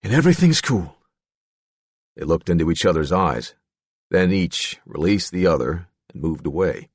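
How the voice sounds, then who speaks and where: A man narrating a true-crime audiobook in a measured storytelling manner. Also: low voice, dry recording. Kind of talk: scripted narration.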